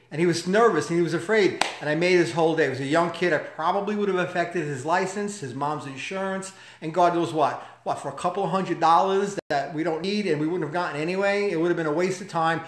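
A man's voice: fairly high pitch, brisk. A man giving a motivational talk, telling a personal story in an emphatic, conversational way with rhetorical questions. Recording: echoey room.

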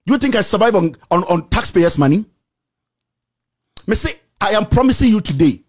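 A man with a Ghanaian accent delivering an angry, insulting rant to the camera, repeating himself and shouting. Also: high voice, lively intonation, moderate pace, husky. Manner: shouting, insulting, repetitive tirade. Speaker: political commentator.

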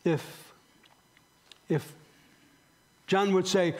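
A male pastor delivers a sermon in a church sanctuary, speaking with earnest conviction. His voice sits a little high for a man. He keeps turning to the congregation with direct questions. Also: moderate pace.

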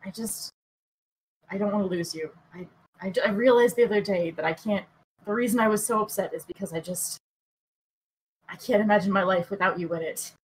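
A woman voicing an earnest young male paladin who talks in a halting, hesitant, sincere way. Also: medium pitch, slight background noise, natural voice, rough recording.

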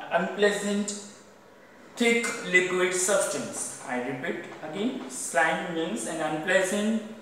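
Man teacher with an Indian accent, high-pitched, recorded from a distance in an echoey room, reads a story aloud and explains vocabulary. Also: a little hiss or hum. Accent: Indian English. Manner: repeats "underline the word" between sentences. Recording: echoey room, voice far from mic.

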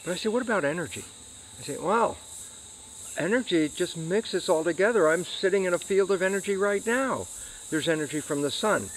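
A man's voice: sits high, moderate pace, a little hiss or hum, poor audio. A man, an interview guest, explaining science and acting out his own questions and answers. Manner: animated, acts out questions and answers to himself.

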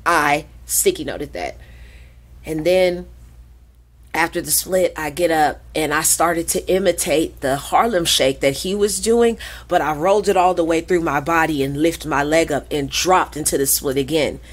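Woman, 40s, podcast guest; husky and low, a lively, profane storyteller who acts out every quote. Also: moderate pace. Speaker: podcast guest, krump dancer. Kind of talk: animated storytelling in conversation.

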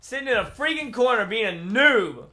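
A young man giving excitable, trash-talking commentary over his own gameplay, often laughing. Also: extremely high pitch, moderate pace. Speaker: gaming YouTuber.

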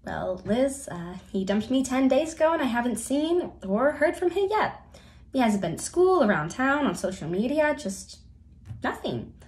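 A woman's voice: high voice, sing-song, moderate pace, darkish tone. An actress playing a bubbly young woman influencer hosting a live stream. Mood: subdued. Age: young adult. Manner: bubbly, gushing.

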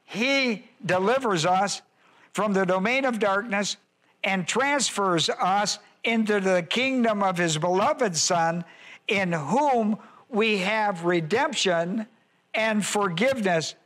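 A male pastor teaching a Bible study, repeating key phrases and slowing down to stress words. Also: sits high, a bit bright.

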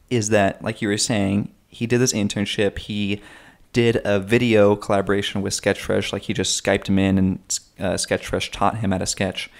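A young man from North Carolina co-hosting a casual podcast, telling things in a relaxed, animated way with quick asides. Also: lowish voice. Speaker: podcast co-host. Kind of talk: casual conversational podcast chat.

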